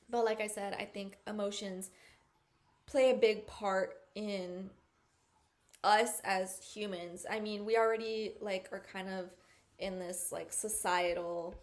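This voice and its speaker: A woman hosting a podcast in a casual chat, rambling and searching for words, with lots of "like" and "you know". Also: mid-range voice. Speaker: podcast host.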